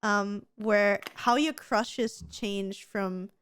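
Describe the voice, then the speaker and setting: A woman's voice: mid-range voice, steady tone, extremely slow, a bit bright, smooth, no room sound, studio quality. A woman in her thirties co-hosting a podcast, chatting casually in a gushing, giggly way and swearing freely. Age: 30s. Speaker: podcast co-host. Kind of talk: casual chat.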